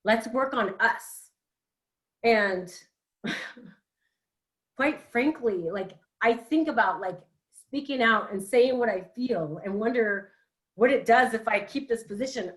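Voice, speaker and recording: A woman's voice: on the high side, slow, pauses often, rough recording. Frustrated woman on a video call. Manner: frustrated, emphatic, apologetic. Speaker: school board director. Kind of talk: virtual meeting remarks. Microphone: computer mic on a video call.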